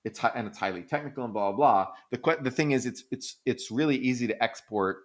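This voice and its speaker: A man's voice: medium pitch, fast. A man hosting an economics podcast, explaining in casual chat, thinking aloud with frequent restarts and fillers. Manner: animated, breaks into silly quoted voices.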